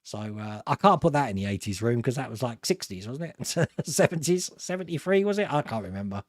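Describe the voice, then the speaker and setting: A middle-aged Brit chats casually with his live stream viewers, responding to their comments at medium pitch with lively intonation and a fairly quick delivery. His talk is rambling and self-mocking, full of laughter. Clean studio sound, recorded dry.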